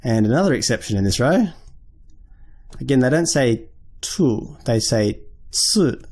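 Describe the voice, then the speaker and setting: A man teaching a lesson at a board, slowly and patiently repeating syllables and correcting himself aloud. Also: medium pitch, lively intonation, darkish tone. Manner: thinks aloud, self-correcting. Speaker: language teacher. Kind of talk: whiteboard lesson.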